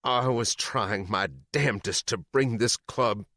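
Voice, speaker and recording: A man's voice: mid-range voice, measured pace, fairly bright tone, no echo, clean studio sound, pitched above the performer's own voice. A man voicing a furious, vengeful mother held captive for decades, who shrieks her accusations in an audiobook. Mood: bitter, regretful. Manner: shrieking, bitter, trembling. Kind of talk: audiobook character reading.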